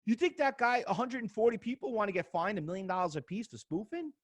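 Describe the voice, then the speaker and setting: Middle-aged male trading instructor, live seminar, emphatic and excitable, high and lively delivery. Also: fast. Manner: excitable and emphatic, repeats words, acts out arguments. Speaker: trading instructor presenting at an expo. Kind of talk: animated live seminar talk to an audience.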